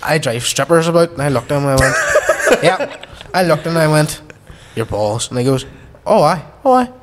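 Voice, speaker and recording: A man's voice: medium pitch, lively intonation, fast talker, heavy background noise. A man with a Derry accent, a podcast guest telling a long story and acting out the dialogue, swearing freely. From Derry, Northern Ireland. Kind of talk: casual storytelling.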